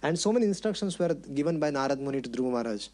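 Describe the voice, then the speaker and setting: A man preaching through a scripture story, high in pitch and animated. He keeps turning to the audience with rhetorical questions. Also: racing.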